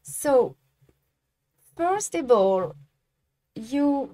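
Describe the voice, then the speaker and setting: A native French speaker from France, with a French accent, teaches embroidery during a livestream, often pausing to grope for English terms. She's a woman whose voice is on the high side, animated and darkish in tone.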